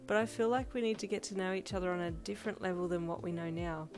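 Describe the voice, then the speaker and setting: A woman's voice: on the low side, fast, a little mellow, close to an everyday voice. A woman voicing a playful, affectionate young woman in a fan fiction audiobook, with lofi music underneath. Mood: fond. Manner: teasing, fond. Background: lofi beat.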